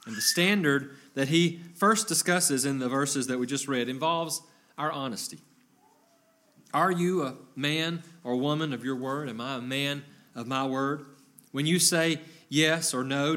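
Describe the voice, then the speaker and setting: Earnest male preacher, slightly high voice. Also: a bit bright. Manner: measured, earnest reading of scripture with some fillers. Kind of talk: sermon.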